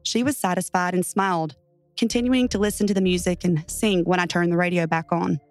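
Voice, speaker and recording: A woman's voice: lowish voice, fairly even intonation, brisk, no echo, faint music behind. A woman earnestly telling a tense first-person story as narrator.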